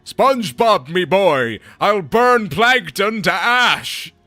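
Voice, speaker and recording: A man voicing a blustering old cartoon crab boss in a loud, shouted, drawn-out voice. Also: high-pitched, expressive, no room sound, faint music behind, pitched above the performer's own voice, full character voice. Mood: bellowing.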